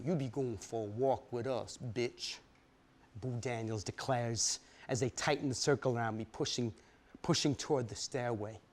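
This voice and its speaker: A man giving a dramatic first-person story reading, vivid and streetwise, peppered with "man" and profanity. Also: medium pitch. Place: studio stage reading.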